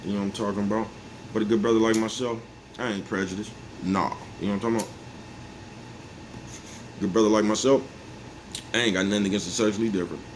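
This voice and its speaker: A man's voice: fairly low pitch, steady tone, quick pace, pauses often. A man in his forties talking to his viewers in a casual, rambling monologue, laughing to himself and often asking whether they follow him. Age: 40s. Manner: laid-back, repeats "you know what I'm talking about", chuckles often. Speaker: vlogger. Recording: faint background noise.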